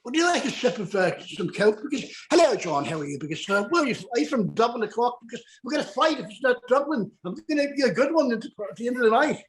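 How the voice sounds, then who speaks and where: A man's voice: high voice, fairly quick, fairly bright tone, a little hiss or hum. A man doing a jokey mock English gent. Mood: playful teasing. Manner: clumsy accent that drifts toward Irish. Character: man's playful mock English gent, jovial and teasing.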